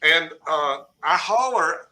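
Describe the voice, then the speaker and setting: A man's voice: on the high side, slow. An older man, telling a personal story as a podcast guest and acting out the dialogue. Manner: lively storyteller who acts out quoted dialogue. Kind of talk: casual anecdote telling on a podcast.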